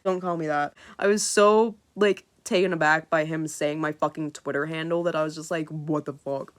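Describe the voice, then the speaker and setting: A woman's voice: low voice, fairly quick, clean tone. Chatty young woman telling a story. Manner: animated, swears freely, acts out quotes. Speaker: vlogger. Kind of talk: casual storytime chat.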